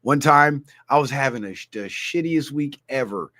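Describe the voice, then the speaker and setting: A man's voice: mid-range voice, normal speed. A middle-aged man hosting a livestream, telling stories in a loose, casual way with plenty of swearing. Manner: loose, swearing storyteller, animated asides. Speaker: livestream host.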